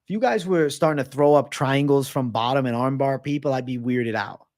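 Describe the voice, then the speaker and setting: A man hosting a livestream Q&A, reading viewer messages aloud and answering in a loose, joking, profane way, often trailing off low and quiet at the ends of his answers. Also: a little fast. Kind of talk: casual livestream Q&A.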